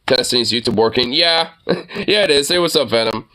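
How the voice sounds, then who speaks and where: Lively, bright-voiced streamer ranting profanely. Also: mid-range voice, a little fast. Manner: profane, mocking outbursts with laughter and stammering. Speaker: streamer reacting to a political debate. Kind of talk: live reaction commentary.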